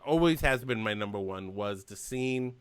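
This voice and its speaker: A man's voice: animated, moderate pace, clear, resonant tone, no room sound. A man hosting a casual movie discussion over a video call, enthusiastic, laughing and mimicking characters. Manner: enthusiastic, laughs often, mimics characters with big jumps in pitch. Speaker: podcast host.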